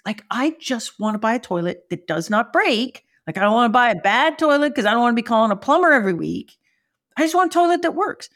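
A woman telling a funny story in a casual talk, acting out the dialogue and swearing now and then, with an audience laughing along. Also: on the high side. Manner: animated, acts out dialogue in exaggerated voices; casual and profane, frequent "like". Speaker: marketing speaker.

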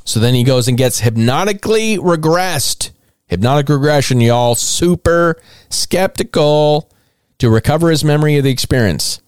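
Irreverent male podcast host, animated delivery, swears freely, dry close sound. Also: a little high, moderate pace, smooth, no room sound. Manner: irreverent, mocking, swears often, laughs at own material. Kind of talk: comedic storytelling podcast.

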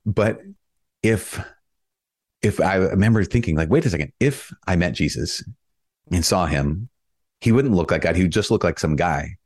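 A man who is a Catholic priest, talking earnestly in an interview and telling stories with animated self-mimicry. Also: sits low, moderate pace, long pauses. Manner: earnest, animated storytelling, mimics himself with raised voice. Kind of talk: conversational interview.

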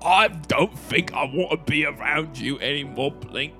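A high, bright-voiced man playing a character in a tabletop game. He teases and acts hurt in a playful way, and breaks into laughter now and then. Faint music plays behind him. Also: measured pace. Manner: playful, mock-wounded, bursts of loud laughter. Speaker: player voicing a character. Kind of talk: improvised tabletop role-play.

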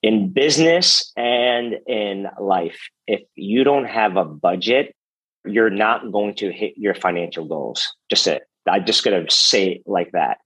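A man speaking as a business coach in a casual podcast interview, animated and instructive, firing direct questions at the listener. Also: lowish voice, measured pace, husky, low-quality recording.

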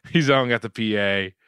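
A man's voice: medium pitch, a bit bright, clear, resonant tone, no room sound, studio quality. A man co-hosting a podcast, joking around in casual chat and asking playful questions. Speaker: podcast co-host.

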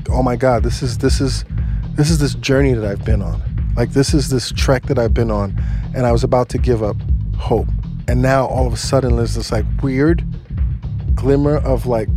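A man tells a story from his own life in a loose, animated way, mid-pitched and easygoing. He swears freely and slips into the voices of the people he is quoting. Music plays clearly under him. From United States. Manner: animated, swears, acts out quotes. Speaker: guest storyteller. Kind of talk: casual personal storytelling.

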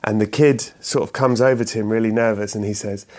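Chatty man with a lowish voice. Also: fairly even intonation, fairly quick, few pauses, a little mellow. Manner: rambling, self-correcting, chuckles often. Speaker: actor and writer guest. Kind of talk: relaxed interview chat.

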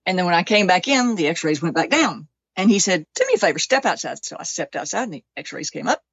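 A woman guest tells her own story in an animated way, putting on the voices of the people in it and sometimes coming close to tears. The sound is dull and lo-fi, with a dry, close feel. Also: lowish voice, brisk, gravelly, husky, dry recording. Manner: animated, acts out other people's lines; emotional, close to tears at times. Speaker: interview guest. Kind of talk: personal storytelling in conversation.

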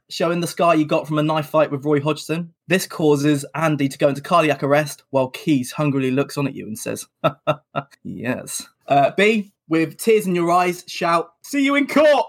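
A man hosting a comedy podcast, cheekily reading absurd quiz scenarios and laughing along. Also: a little high. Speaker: podcast host, quiz master. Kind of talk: comic podcast chat.

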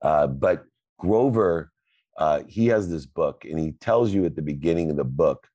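A man's voice: very deep voice, lively intonation, moderate pace, warm tone, dry recording. A man host giving a motivational talk to a live audio room, emphatic with a preacherly cadence.

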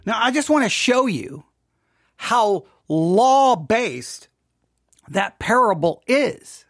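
A man's voice: sits high, big pitch swings, takes it slowly, a bit bright, no echo, clean studio sound. A man hosting a show, commenting on a sermon in a loose, conversational way. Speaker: host.

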